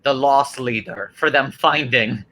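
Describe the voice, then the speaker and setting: A man's voice: medium pitch, measured pace, sharp tone. A man co-hosting a casual chat, playful and joking, directing the others.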